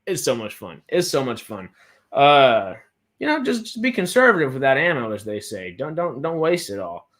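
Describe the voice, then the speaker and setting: A man's voice: mid-range voice, very animated, moderate pace, fairly bright tone. A man from Texas hosting a casual livestream chat, rambling with frequent restarts and fillers. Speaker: host.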